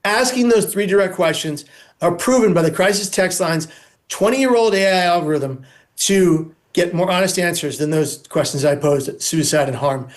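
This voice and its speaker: Guy talking earnest and emphatic, kinda high voice, repeats himself for effect. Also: moderate pace. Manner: emphatic, speaks in insistent lists and repetitions. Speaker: guest, suicide prevention speaker. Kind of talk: earnest interview storytelling.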